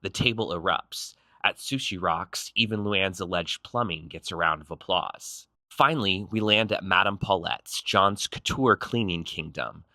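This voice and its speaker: A man's voice: deep voice, bright, forceful tone, no echo. A man narrating a reality show recap in a snarky, punchy scripted style. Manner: snarky, punchy, quick quips.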